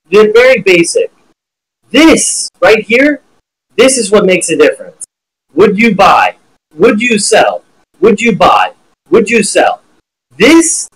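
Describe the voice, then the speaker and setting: Man, high voice, blunt, profane, animated, live-stream trading teacher. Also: husky, poor audio.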